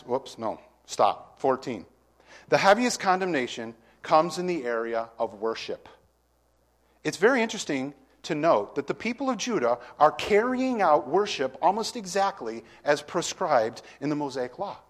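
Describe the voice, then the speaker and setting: A man's voice: a little high, big pitch swings, normal speed. A man preaching a verse-by-verse sermon, talking casually with the congregation and reading scripture with rising emphasis. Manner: conversational, asks the congregation questions.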